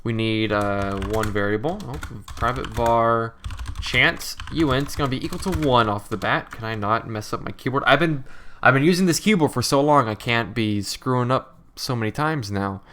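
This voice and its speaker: A man's voice: medium pitch, expressive, moderate pace, sharp tone, a little hiss or hum. A young man with a nasal, irritated-throat voice, talking casually as he programs his game, thinking aloud and correcting himself. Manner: rambling, self-correcting, thinks aloud while typing. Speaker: game developer. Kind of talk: casual coding commentary.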